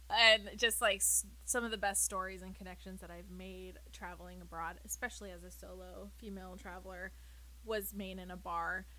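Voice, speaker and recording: American woman, casual chat, bright tone, faint hiss, animated. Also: medium pitch, moderate pace, rough recording. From United States. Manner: animated, laughs often.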